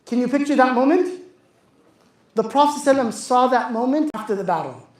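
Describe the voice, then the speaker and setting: A man's voice: extremely high pitch, animated, fast. A man telling a religious story to young people, speaking with passion, repeating phrases and asking the audience questions. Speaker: youth speaker. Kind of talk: religious talk to a youth audience. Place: youth center hall. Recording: echoey hall.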